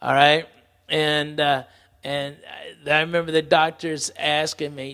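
Male podcast host, gravelly and slightly high, rambling storyteller, long reverb on the track. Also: little pitch movement, bright, forceful tone. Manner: rambling, halting, swearing. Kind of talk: storytelling, casual talk.

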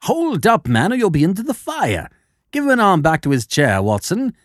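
A man voicing a cool, shrewd detective who speaks in a measured, quietly sardonic way in an audiobook. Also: sits high, wildly swooping pitch, dry recording, studio quality, voice pushed up. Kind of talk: audiobook character voice.

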